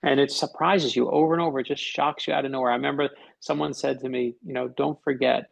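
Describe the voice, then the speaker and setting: A man's voice: mid-range voice, fairly even intonation, quick pace, gravelly, few pauses, rough recording. A middle-aged man, a podcast guest and author, telling a personal story in conversation and acting out the dialogue.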